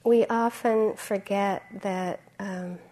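A woman's voice: medium pitch, fairly even intonation, takes it slowly, mellow. Conversational woman meditation teacher. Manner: conversational, frequent throat clearing. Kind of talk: dharma talk.

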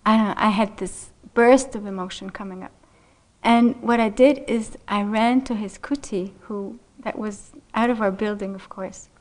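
A middle-aged woman meditation teacher telling a personal story in a dharma talk, unhurried and gentle, laughing softly often. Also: mid-range voice, fairly even intonation. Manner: unhurried, gentle, frequent soft laughs and "you know".

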